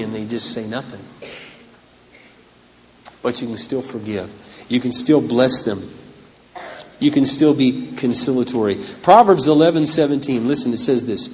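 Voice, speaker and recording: A man preaching a sermon as pastor, dramatic and humorous, acting out scenes, his voice going hoarse. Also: mid-range voice, moderate pace, pauses often, a little hiss or hum. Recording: echoey hall on dull lo-fi recording.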